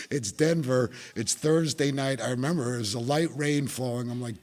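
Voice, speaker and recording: A man's voice: mid-range voice, moderate pace. A middle-aged man from New Jersey with a New Jersey accent, telling his recovery story at a meeting with wry, self-mocking humor. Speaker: speaker sharing recovery story.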